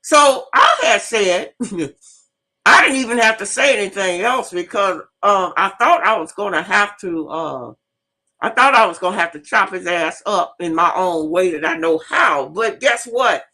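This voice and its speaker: A woman host and teacher telling an animated, profane story in casual live talk, repeating herself as she goes. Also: medium pitch, moderate pace.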